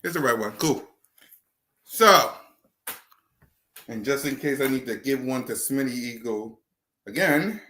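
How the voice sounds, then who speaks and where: Bright-voiced man hosting a casual stream. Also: mid-range voice, lively intonation, unhurried, long pauses, slight background noise. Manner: hypes viewers, shouts out names. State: out of breath. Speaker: host. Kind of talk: casual livestream chat.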